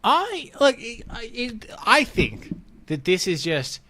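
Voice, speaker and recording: An Australian man co-hosting a podcast, chatting casually and telling jokes with animated delivery. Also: very high-pitched, takes it slowly. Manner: joking, animated storytelling. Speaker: podcast co-host. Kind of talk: casual chat.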